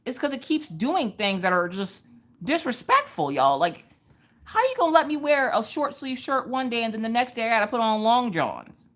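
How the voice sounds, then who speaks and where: While working on a diamond painting during a casual livestream, this woman chats with viewers, tells stories and jokes with the chat. She speaks at a moderate pace in a fairly high, fairly bright voice with big pitch swings.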